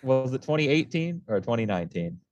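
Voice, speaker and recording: A man co-hosting a casual music review podcast, blunt and quick to laugh, swearing casually. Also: mid-range voice, very animated, darkish tone, no room sound, lo-fi sound. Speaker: podcast co-host.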